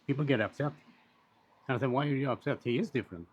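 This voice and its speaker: A man talking in a casual, rambling monologue, blunt and quick to swear, with frequent restarts and asides. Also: medium pitch, breathy edge. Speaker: commentator on social issues. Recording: dull lo-fi recording.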